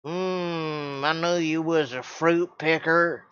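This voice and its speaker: A man's voice: a little high, steady tone, clear, resonant tone. A man doing a drawling, sneering cowboy brother. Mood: taunting. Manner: exaggerated slow Southern drawl. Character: swaggering rude young cowboy brother, male. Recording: dull lo-fi audio.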